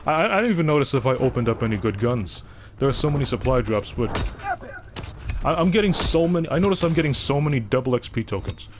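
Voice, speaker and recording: A young man with a deep voice, chatting casually on a game livestream and rambling from thought to thought with frequent restarts. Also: animated, fast, background noise. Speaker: game streamer.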